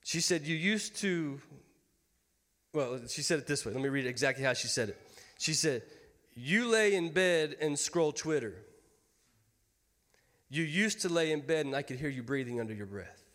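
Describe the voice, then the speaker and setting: A man's voice: a little high, expressive, moderate pace, pauses often, fairly bright tone. A man in his thirties preaching a sermon as pastor, folksy and joking with his congregation. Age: 30s. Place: church sanctuary. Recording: long hall reverb.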